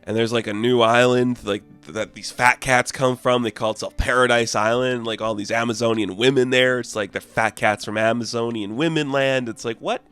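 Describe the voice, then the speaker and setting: A man's voice: medium pitch, steady tone, normal speed, few pauses, a bit bright, clean tone, faint music behind. A man giving a casual, rambling comic book review, full of fillers and amused asides.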